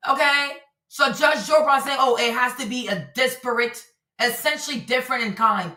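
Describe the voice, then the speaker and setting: Animated woman streamer in echoey room. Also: sits high, normal speed, far from the mic. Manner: animated, repetitive, talks to her audience. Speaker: streamer commentator. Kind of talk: livestream commentary. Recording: roomy echo, voice a bit off-mic.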